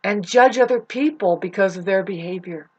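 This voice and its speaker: Woman, vlogger, unscripted venting, upset, near tears, profane, rambling, restarts a lot, mid pitch. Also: moderate pace, a little mellow, lo-fi sound. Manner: rambling, profane, loops back and restarts often. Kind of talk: unscripted emotional vlog monologue.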